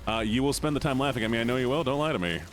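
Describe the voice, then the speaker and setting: A man live-streaming a game, chatting casually with his viewers, greeting them by name and reacting loudly to the game. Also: mid-range voice, rapid-fire, slight background noise. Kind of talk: casual live-stream chat while gaming.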